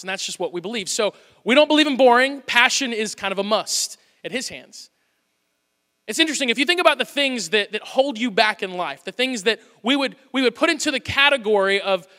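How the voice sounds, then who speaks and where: Man, pastor, bright high voice, lively conversational sermon, hall reverb. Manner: animated, conversational, playful asides. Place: church auditorium.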